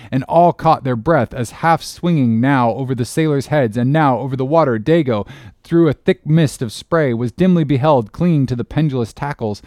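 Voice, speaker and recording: A man narrating an audiobook in a steady, expressive reading voice. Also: mid-range voice, dry recording, clean studio sound. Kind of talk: scripted narration.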